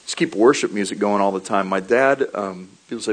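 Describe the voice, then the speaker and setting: A man preaching a sermon, telling animated stories, laughing briefly and repeating his key lines. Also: lowish voice, fairly quick, low-quality recording.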